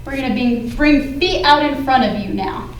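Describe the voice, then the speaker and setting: A woman's voice: high-pitched, normal speed, echoey room, a little hiss or hum, rough recording. A woman teaching a children's yoga class, giving playful, encouraging sing-song cues. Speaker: kids yoga instructor.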